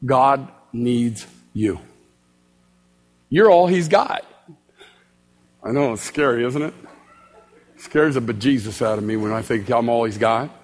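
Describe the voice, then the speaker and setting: A man's voice: medium pitch, breathy edge, long reverb tail. A male street preacher giving a storytelling sermon in a church, acting out both sides of his conversations. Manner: animated, acts out both sides of dialogue.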